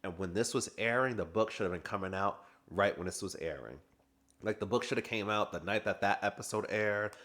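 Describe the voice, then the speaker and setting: A man's voice: lowish voice, brisk, a bit bright. A man giving a casual, sassy recap review of a reality TV reunion, chatting and laughing as he goes.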